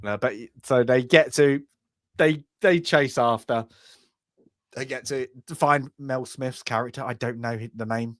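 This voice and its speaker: A man co-hosting a film review podcast in casual chat, rambling and trailing off, then breaking into loud shouted impressions. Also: medium pitch, measured pace, dry recording, clean studio sound. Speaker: podcast co-host.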